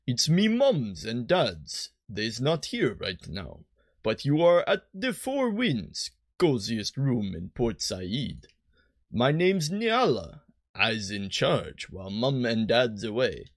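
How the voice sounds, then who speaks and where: A shy, odd little girl minding her family's inn in a video game, as a man puts her on. She speaks slowly in a drawling, folksy way, a touch higher than a grown man's voice, with lively ups and downs. The sound is close and dry. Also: no room sound, exaggerated voice. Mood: childlike. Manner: slow, drawling folksy grammar.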